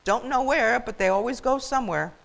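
A woman's voice: fairly high pitch, fairly quick, vocal fry, voice pushed up. A woman voicing a bewildered, chuckling old male farmer in a children's storybook reading, hollering to his wife. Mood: puzzled.

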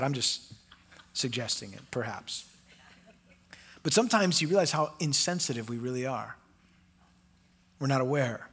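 A man preaching a sermon as pastor, passionate, moving from loud pleading to hushed tones and acting out quoted voices. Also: medium pitch, breathy edge, in a large hall. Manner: acts out quoted voices in conversational asides. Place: church sanctuary.

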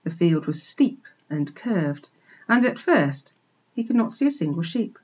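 A woman teacher expressively reading a children's book aloud for a remote class, pausing to point out pictures, on a dull lo-fi recording. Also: lowish voice, very animated, darkish tone, slightly rough. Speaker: primary school teacher. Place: home, remote lesson.

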